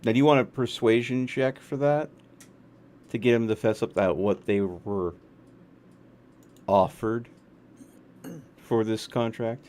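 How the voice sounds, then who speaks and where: A man playing a tabletop role-playing game, asking questions and thinking aloud in a wry, halting way. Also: medium pitch, steady tone, a little mellow. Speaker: player. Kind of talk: casual tabletop game chat.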